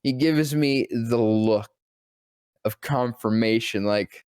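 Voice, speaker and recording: A voice actor telling a breathless, profane, self-mocking story on a podcast. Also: male voice, mid-range voice, slow pace, a little mellow, clear, resonant tone, no room sound, studio quality. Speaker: voice actor and guest. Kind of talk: excited anecdote telling.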